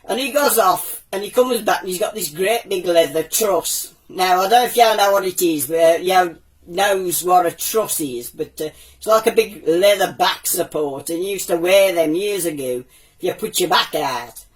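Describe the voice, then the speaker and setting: A man's voice: high-pitched, moderate pace, slightly rough, distant mic, poor audio. A man voicing an old male womble puppet who tells cheeky wartime jokes in a Black Country accent. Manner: cheeky joke-teller, does voices for his characters. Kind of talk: comic puppet storytelling.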